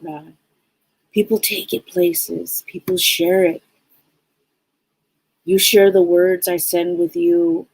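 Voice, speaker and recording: A woman's voice: on the low side, darkish tone, no room sound, low-quality recording. A woman hosting a casual live stream as a psychic, talking to viewers in an upbeat, rambling way and often repeating her phrases.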